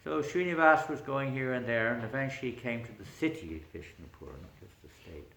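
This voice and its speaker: Man giving a story lecture, mid pitch, roomy echo, faint hum behind. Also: fairly quick, creaky. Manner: animated, chuckling storyteller. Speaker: spiritual teacher. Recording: echoey room.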